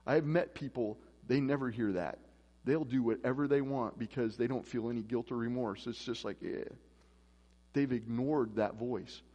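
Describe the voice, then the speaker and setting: Speaking at a moderate pace in a warm, mid-range voice, a male pastor preaches a conversational, casual sermon. Inside the echoey church hall, he acts out the voices of the people in his stories.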